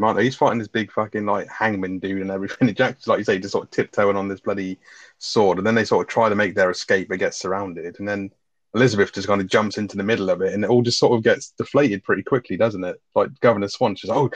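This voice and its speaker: Fast-talking man, casual film chat. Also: on the low side, fairly even intonation, no echo, dull audio. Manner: swears freely, retells scenes with quoted lines. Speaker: podcast co-host.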